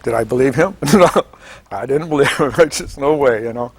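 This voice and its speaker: Gravelly older man telling a war story. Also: mid-range voice, a little fast. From Washington State, United States. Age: 70s. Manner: animated storytelling, acts out quoted voices, chuckles often. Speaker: veteran interviewee. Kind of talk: oral history interview.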